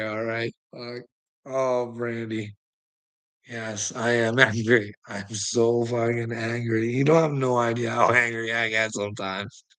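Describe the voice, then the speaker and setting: A man's voice: mid-range voice, vocal fry, bright, forceful tone, poor audio. A man rambling casually to his livestream chat, swearing a lot and chuckling often between phrases. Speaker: livestream host talking to chat.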